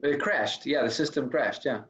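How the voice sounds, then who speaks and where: A man's voice: medium pitch, moderate pace, a bit bright. A male host asking questions in a rambling, friendly casual chat over a video call. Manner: rambling, friendly, repeats himself. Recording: dull lo-fi call audio.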